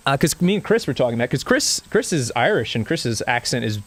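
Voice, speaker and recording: A man from Australia chatting casually as co-host, rambling and halting. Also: mid-range voice, sing-song, a bit bright. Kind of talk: casual chat.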